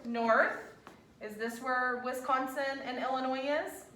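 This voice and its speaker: A woman teacher, coaxing her class along with a steady stream of questions. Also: high-pitched, a little slow. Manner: animated, coaxing, quizzing students with questions. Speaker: elementary school teacher. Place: classroom, indoors. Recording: echoey classroom from far off.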